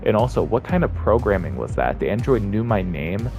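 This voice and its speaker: Gravelly, crude-joking young man. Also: fairly low pitch, big pitch swings, fairly quick, over music. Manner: crude, laughing, jokey asides. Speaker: gameplay video host. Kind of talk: reading game dialogue aloud.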